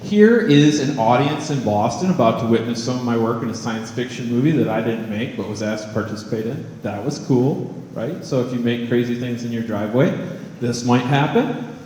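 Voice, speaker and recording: With a medium pitch and moderate pace, a man's slightly mellow voice fills a large, reverberant hall, and some hiss or hum is audible. He's an artist and college professor giving a wry, joking, chatty talk to the audience.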